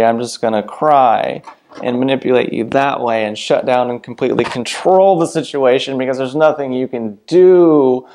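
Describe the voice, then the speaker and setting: A man's voice: medium pitch, brisk, gravelly, a little mellow. A man talking to camera in a meandering, blunt, profane solo monologue with many fillers. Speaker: video host.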